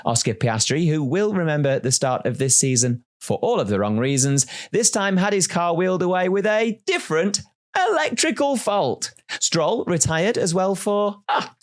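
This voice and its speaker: A man delivers a scripted race recap with dry sarcasm. His pitch swings widely as he plays up the jokes, and his voice sits mid-range for a man. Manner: wry, sarcastic, lively delivery. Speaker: listener contributor presenting a race recap.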